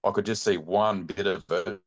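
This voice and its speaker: A middle-aged Australian man telling a long hunting story in a rambling, animated way, full of fillers. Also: low voice, brisk. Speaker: guest, bowhunting club chairman. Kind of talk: casual storytelling chat.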